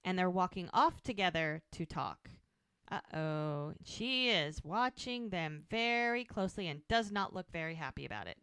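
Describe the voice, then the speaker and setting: A woman's voice: on the low side, expressive, moderate pace, hardly any pauses, a bit bright, smooth, no room sound. A woman co-hosting a podcast, casually retelling a TV episode and acting out the characters' lines with lots of "like". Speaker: podcast co-host.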